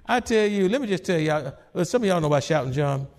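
A man pastor preaching a sermon in call-and-response style to his congregation. His voice is high-pitched with a gravelly edge. He repeats and restarts words, then builds up to shouts. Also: animated, fast talker.

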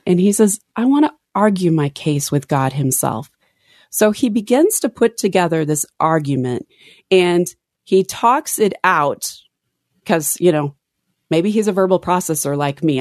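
Expressive woman co-hosting a Bible podcast. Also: lowish voice, no echo, clean studio sound. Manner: expressive, reads scripture aloud, self-interrupting. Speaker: podcast co-host. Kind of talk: casual Bible study chat.

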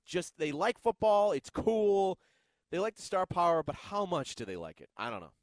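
A man's voice: sits high, normal speed, dry recording. A man fills in as co-host on a sports radio show, his voice swinging widely as he talks. He laughs a lot and stammers over his words. The sound is dry and close. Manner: lively, laughs often, stammers.

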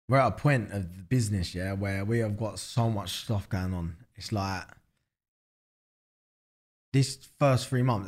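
A man with a London accent, a guest in an interview, talking loosely with lots of slang, fillers and swearing. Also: fairly low pitch. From England. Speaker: guest, business founder. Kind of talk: casual interview chat.

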